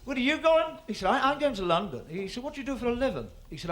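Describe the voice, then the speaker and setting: Male comic storyteller, high bright lively voice, rambling patter. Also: fast talker, slight background noise. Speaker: stand-up comedian. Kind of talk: stand-up joke telling to a live audience.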